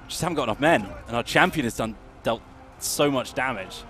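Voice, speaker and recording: A young man giving rapid, excitable live commentary on his strategy game, with self-mocking asides. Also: mid-range voice, faint music behind. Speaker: streamer playing a strategy game.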